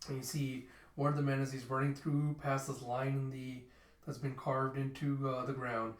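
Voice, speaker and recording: A man's voice: mid-range voice, level tone, normal speed. A man casually narrating a manga readthrough, describing panels as he goes. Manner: casual, narrating panels with "you see" and "he's like". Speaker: channel host reading a manga aloud. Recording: roomy echo, mic at a distance.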